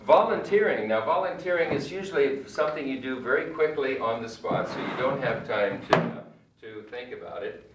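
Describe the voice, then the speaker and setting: A man giving an English grammar lesson, repeating example sentences slowly and deliberately. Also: medium pitch, lively intonation, recorded from a distance, background noise. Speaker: English teacher. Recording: echoey room, voice a bit off-mic.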